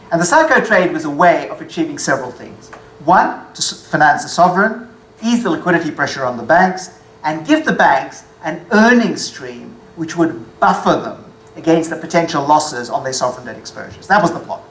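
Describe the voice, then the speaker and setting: A woman with a low voice delivers a lecture-style presentation, walking through slides. She talks with dry, wry asides and corrects her own figures mid-sentence. The room is echoey, with a faint hum of ambience behind her. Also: expressive, a little fast, fairly bright tone. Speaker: speaker giving a presentation.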